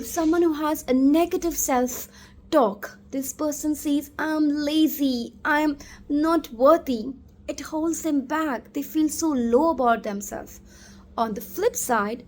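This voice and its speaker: A woman's voice: high voice, darkish tone. A woman giving an earnest, emphatic motivational talk about self-talk. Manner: earnest, emphatic, slow and deliberate. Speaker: self-help speaker.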